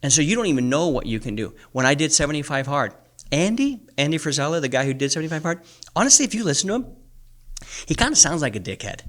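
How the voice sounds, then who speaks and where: A man's voice: fairly high pitch, sing-song, fast, fairly bright tone. A man in his forties co-hosting a podcast, ranting in a blunt, intense, profane way. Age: 40s. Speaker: podcast co-host. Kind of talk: ranting motivational podcast talk.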